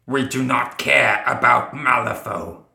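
A man voicing a hostile, slimy fishman leader who speaks in slow, broken, bubbling phrases. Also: medium pitch, steady tone, pushed and bright, roomy sound, full character voice. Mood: dismissive. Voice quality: gravelly, bubbling. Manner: slow, halting, broken speech. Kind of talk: audiobook character voice.

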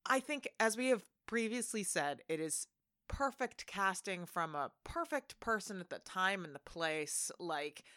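A woman's voice: medium pitch, animated, a little slow, pushed and bright, no echo. A woman co-hosting a casual movie podcast, telling theater stories with dry, joking asides. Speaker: podcast co-host.

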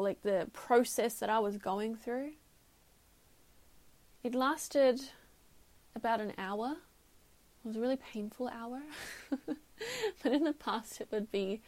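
A woman's voice: fairly high pitch, gravelly, darkish tone. A woman hosting a podcast, telling a personal story candidly and reflectively, sometimes laughing at herself. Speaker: podcast host.

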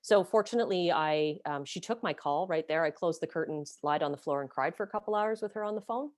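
A woman's voice: lowish voice, fast, no echo, clean studio sound. A woman host telling her own story candidly, blunt and self-deprecating, swearing freely. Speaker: podcast host being interviewed.

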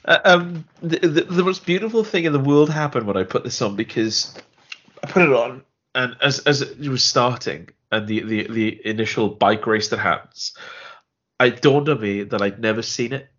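A man's voice: mid-range voice, moderate pace, a bit bright, highs cut off. A man co-hosting a film podcast in a casual, rambling way, often repeating words and laughing as he talks. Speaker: podcast co-host.

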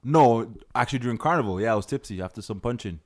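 A man on a casual podcast with a lively, bouncing voice. He pushes back playfully and laughs easily with his friends. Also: medium pitch, fast talker. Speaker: podcast co-host. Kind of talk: casual chat.

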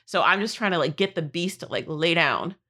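Woman player, bright and crisp-toned, excitable and rambling. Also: fairly low pitch, fairly quick. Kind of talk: tabletop game play, casual chat.

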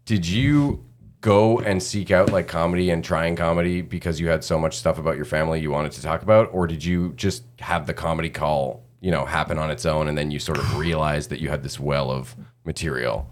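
Deep-voiced relaxed interview host. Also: male voice, brisk. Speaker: podcast host. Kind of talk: casual interview chat.

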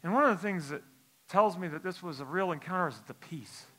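A man preaching a sermon in church, telling a personal story in a hushed, halting voice, then building into a forceful exhortation. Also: high-pitched. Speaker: pastor. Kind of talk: sermon testimony.

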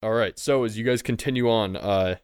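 A man's voice: fairly low pitch, a little fast, clean tone, no room sound, studio quality. A young man narrating as game master of a tabletop game in a casual, loose way.

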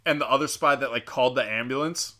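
A man's voice: mid-range voice, fast, pushed and bright. A man hosting a podcast, telling a show's story in a rambling, profane, joking way. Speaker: podcast host. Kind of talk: casual rambling show recap.

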